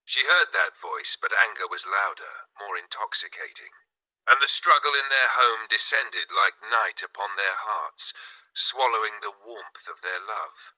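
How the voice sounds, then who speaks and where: Male audiobook narrator with a measured, dramatic delivery and a lowish, bright voice. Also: lively intonation, rough recording. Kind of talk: scripted narration.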